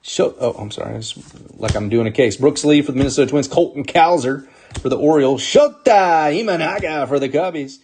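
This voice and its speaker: A man's voice: fairly high pitch, lively intonation, a little fast, darkish tone, slight background noise. A man hosting a live sports card break, upbeat as he calls out players and teams while opening packs.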